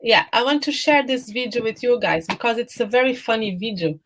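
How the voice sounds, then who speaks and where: Higher-voiced woman hosting an online talk. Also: animated, fairly quick, a bit bright. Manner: friendly, casual announcing. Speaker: host. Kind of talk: casual online talk show.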